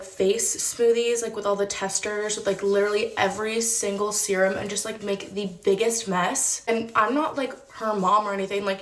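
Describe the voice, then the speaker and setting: A woman tells a storytime vlog about her old store job, chatty and full of "like" fillers. She acts out the voices of the people she quotes. The sound is roomy and echoey. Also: mid-range voice. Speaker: former beauty store employee.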